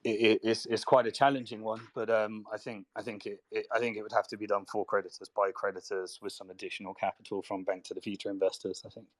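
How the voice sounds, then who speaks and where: A man's voice: fairly low pitch, little pitch movement, quick pace, hardly any pauses, no echo. A man hosting a live audio Q&A, thinking aloud and often restarting his sentences. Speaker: host.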